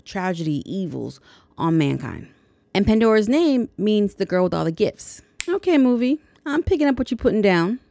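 Creaky-voiced woman recapping a movie. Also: mid-range voice, dark tone, no echo. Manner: chatty, jokey asides. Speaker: podcast host. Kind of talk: casual movie plot recap.

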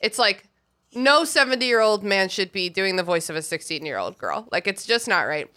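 A woman's voice: mid-range voice, moderate pace. A woman co-hosting a podcast, chatting casually about a book and laughing often. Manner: giggly, chatty and animated. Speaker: podcast co-host. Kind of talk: casual book discussion chat.

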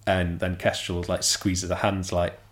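A young man, his voice sitting on the low side. He talks through a book in a relaxed, conversational way and slips into little acted-out quotes as he retells scenes. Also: measured pace. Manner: animated storytelling, acts out quotes. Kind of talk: casual book discussion.

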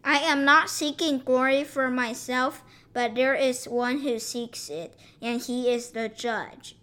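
A woman reading scripture aloud in a measured, even way. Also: sits high. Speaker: scripture reader.

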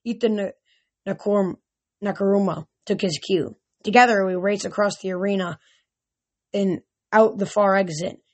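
A woman reading a novel aloud, often tripping over words and restarting, with louder shouted lines. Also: medium pitch, steady tone, moderate pace. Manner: reads aloud with frequent slips and restarts. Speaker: reader. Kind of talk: amateur audiobook reading.

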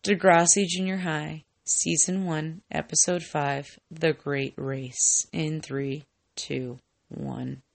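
A woman's voice: deep voice, steady tone, slow pace, vocal fry. A tipsy woman co-hosting a podcast, rambling and giggling as she chats, with lots of "like". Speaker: podcast co-host. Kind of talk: casual chat.

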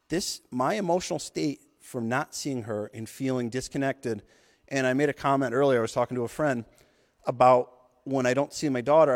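A man in his thirties hosting a podcast, delivering an intense, profane motivational monologue. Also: mid-range voice. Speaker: podcast host. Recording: long hall reverb.

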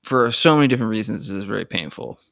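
A man's voice: lowish voice, lively intonation, very fast, gravelly, a bit bright, no room sound, clean studio sound. A rambling, stammering man chatting. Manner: rambling, stammering restarts, laughing as he jokes. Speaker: podcast co-host. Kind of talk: casual chat.

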